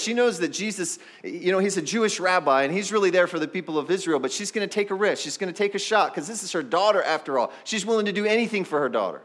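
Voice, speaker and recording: A man's voice: high-pitched, fairly bright tone. A man preaching a sermon as pastor, talking straight to the congregation in a conversational way. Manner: acts out the people in the story.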